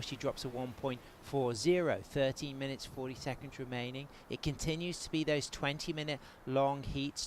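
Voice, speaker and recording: An English-accented man calls a surf contest live, his play-by-play flowing steadily at a middle pitch. A faint hum of outdoor noise sits behind his voice. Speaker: surf commentator. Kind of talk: live sports commentary.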